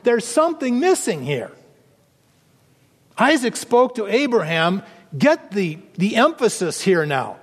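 A man with a fairly high voice preaches a sermon, earnest and measured. He sinks low and soft to drive points home. The sound carries a long reverb, as in a large hall. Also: sing-song, breathy edge. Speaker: pastor.

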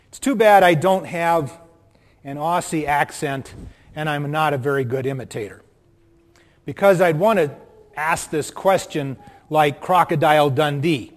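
A man's voice: on the high side, big-room sound. A man with a Minnesota accent preaching a sermon as pastor, earnest and building to strong emphasis. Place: church.

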